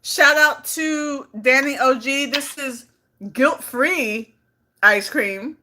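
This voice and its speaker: A woman from California hosts a casual live stream, talking loosely and playfully. Her voice is bright and sits a touch high, and she keeps the chat easygoing and talkative. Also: takes it slowly. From California, Bay Area. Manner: chatty, playful, reads comments aloud. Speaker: vlogger on a livestream.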